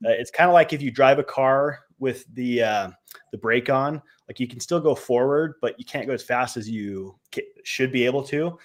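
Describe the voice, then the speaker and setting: A young man co-hosting a live stream, giving casual coaching advice in a loose conversational way, full of fillers and trailing off at the ends of phrases. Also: medium pitch. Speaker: co-host, real estate trainer.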